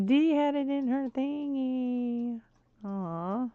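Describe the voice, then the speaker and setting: A woman streaming a game and chatting to viewers, swinging between frustrated muttering and excited squeals. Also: high-pitched, extremely slow, no room sound. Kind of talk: casual gameplay chat. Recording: dull lo-fi stream audio.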